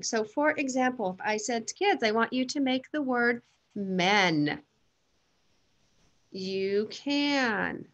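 Slow, deliberate woman explaining teaching methods. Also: fairly high pitch, vocal fry, lo-fi sound. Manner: slow, deliberate, modeling sounds to children. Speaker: teacher trainer. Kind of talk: instructional demonstration.

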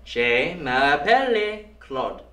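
A man's voice: sits high, expressive, measured pace, pushed and bright, exaggerated voice. A man playing a cheerful, cocky struggling actor who boasts and mangles French words. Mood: eager. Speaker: actor in a student film. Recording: echoey room from far off.

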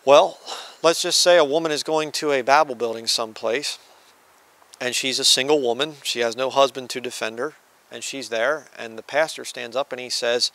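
A preacher gives a conversational, sermon-style Bible teaching, reading scripture and acting out the quoted voices. He speaks at normal speed with a medium-pitched, slightly bright voice on a dry recording.

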